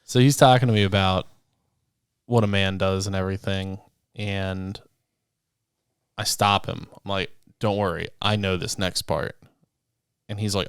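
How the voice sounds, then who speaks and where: A man's voice: low-pitched, fairly even intonation, a little slow, pauses often, smooth, no echo, studio quality. A young man co-hosting a podcast, telling stories in casual chat and laughing often. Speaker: podcast co-host.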